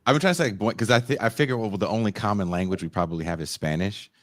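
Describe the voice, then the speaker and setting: A man's voice: racing, dry recording. A man co-hosting a podcast, chatting casually and teasing his co-hosts with a joking manner. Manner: joking, teasing, lively swings in pitch. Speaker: podcast co-host. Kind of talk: casual chat.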